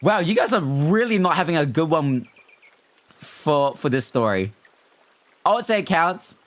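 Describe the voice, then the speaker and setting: Animated, chatty young-sounding streamer guy. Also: fairly high pitch, unhurried. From not American. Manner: animated, chatty, reads chat aloud. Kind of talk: casual livestream chat with viewers.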